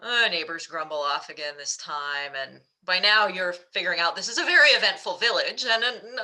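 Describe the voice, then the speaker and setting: A woman's voice: lowish voice, sharp tone, poor audio. A woman coach presenting a webinar, telling a story in a chatty way with fillers. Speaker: mental fitness coach.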